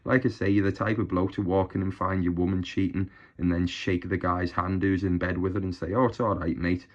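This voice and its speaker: Man, low voice, taunting and boastful, scornful YouTube rant, dull lo-fi audio. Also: level tone, fairly quick. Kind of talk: mocking rant to camera.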